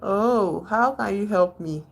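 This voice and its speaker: A woman's voice: mid-range voice, slow pace, vocal fry. A woman with a Nigerian accent hosting a casual livestream, rambling as she retells film scenes and greets viewers in the chat. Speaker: livestream host.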